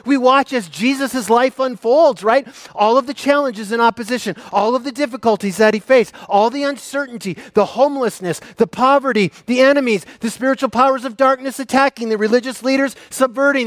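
High-voiced male pastor preaching. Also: no room sound, studio quality. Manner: preaching with dramatic swings from loud high to soft low. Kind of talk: sermon.

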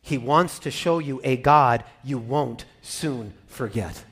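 A man preaching a sermon, animated, swinging from loud exclamations to soft, almost whispered lines. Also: mid-range voice, slow pace, slightly rough. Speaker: pastor.

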